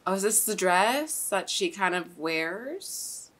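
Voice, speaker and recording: A woman's voice: medium pitch, lively intonation, takes it slowly, a bit bright. A young woman hosting a casual anime reaction, chatty and exclamatory, swearing and laughing as she talks.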